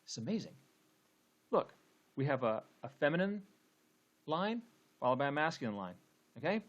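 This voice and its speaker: A man's voice: on the high side, sing-song, moderate pace, muffled recording. Male teacher, casual poetry lecture, chatty with lots of "okay" and "um". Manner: conversational, frequent "okay" and fillers.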